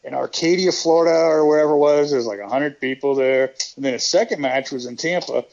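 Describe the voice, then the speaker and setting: A middle-aged man tells old war stories with a dry, self-mocking wit. His voice sits a bit high for a man, and the sound is dull and lo-fi, like a call recording. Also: brisk, creaky, darkish tone. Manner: joking, self-deprecating storyteller. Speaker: guest, former pro wrestler. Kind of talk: casual storytelling interview.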